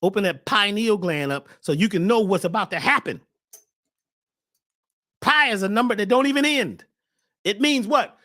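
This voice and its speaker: A man hosting a spiritual talk show, preaching with fire, shouting at times and then dropping to a hush. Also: sits high, normal speed, pauses often. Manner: preachy, swings from shouting to hushed. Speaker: host.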